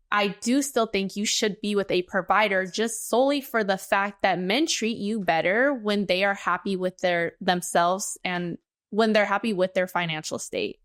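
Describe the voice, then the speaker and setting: A woman's voice: medium pitch, fairly bright tone, dry recording, clean studio sound. A young American woman co-hosting a podcast, ranting casually in a blunt, emphatic way and swearing freely. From United States. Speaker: podcast co-host.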